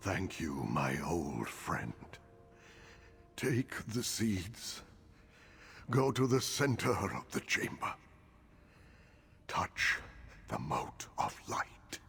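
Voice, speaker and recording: An actor playing an ancient, solemn male druid elder in video game dialogue, speaking in a gravelly, commanding way. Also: low-pitched, sing-song, very slow, long pauses, fairly bright tone, exaggerated voice.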